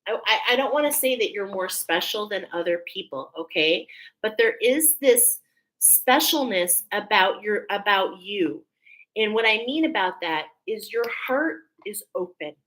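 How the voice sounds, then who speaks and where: A woman with a clear, bright tone reads oracle cards for her viewers. Her pitch sits in the middle range, and she talks in an earnest, searching way, repeating herself and filling pauses as she feels her way toward what she wants to say. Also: lively intonation, low-quality recording. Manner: earnest, repeats phrases, many pauses and fillers. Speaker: spiritual card reader. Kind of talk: intuitive oracle card reading to camera.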